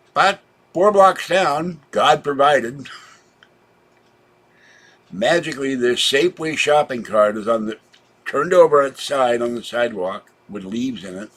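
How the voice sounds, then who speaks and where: A man vlogs a rambling personal story in a chatty tone, sounding tired and low on energy apart from sudden loud outbursts. His voice has a breathy edge.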